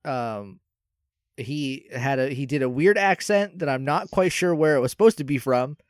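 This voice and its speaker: A young man chatting casually about movies, rambling with fillers and quick laughs. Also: mid-range voice, expressive, no room sound, clean studio sound. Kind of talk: casual chat.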